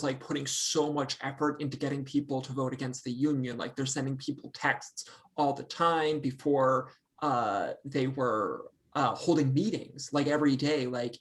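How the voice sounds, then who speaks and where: A man journalist joins as a guest and speaks thoughtfully, hedging his claims. His mid-pitched voice has a strong gravelly fry. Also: fairly bright tone. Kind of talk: casual chat.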